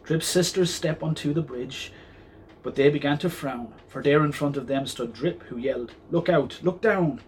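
A man reads a rhyming children's picture book aloud at a mid pitch. He keeps a steady rhythmic storytelling bounce. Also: moderate pace, a little hiss or hum.

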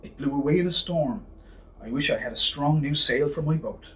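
A man voicing an upset, bleating goat in a storybook, in a raised, high, fretful voice. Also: normal speed, a bit bright, far from the mic, natural voice, low-quality recording. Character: loud, upset goat who lost his sail.

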